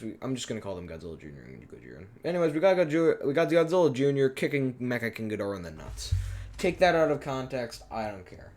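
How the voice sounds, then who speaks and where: A man's voice: sits low, a little mellow, slight background noise. A man giving a rambling, self-deprecating director's commentary on his own fan series, often unsure of himself.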